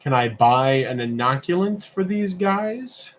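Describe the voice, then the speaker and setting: Browsing on a livestream, a man with a slightly high, animated voice muses aloud at a measured pace. His talk rambles casually, full of fillers and questions he puts to himself.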